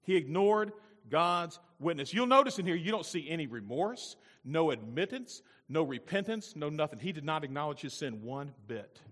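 A preacher delivers an emphatic sermon, repeating key phrases. His voice sits a little high and sounds bright and forceful, with a long reverb from a large church hall. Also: lively intonation, moderate pace. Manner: emphatic, repetitive preaching with swings between loud and quiet. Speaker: pastor.

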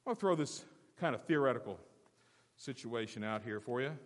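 A man preaching a sermon to his church, asking the congregation questions and swinging between quiet and loud passages. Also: mid-range voice, animated, normal speed, big-room sound. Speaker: pastor. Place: church sanctuary.

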